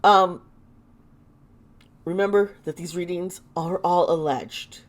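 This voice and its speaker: A woman with a sore throat doing a casual tarot reading, halting and exclaiming as she turns the cards. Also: fairly low pitch, fairly even intonation. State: sore throat, lozenge in mouth. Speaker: tarot reader and channel host.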